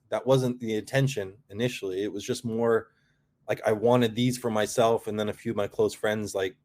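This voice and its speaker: With a lowish, darkish voice, a middle-aged man who founded a product wanders through a lengthy story as a guest in a relaxed interview. He keeps starting over and sprinkles in plenty of "you know."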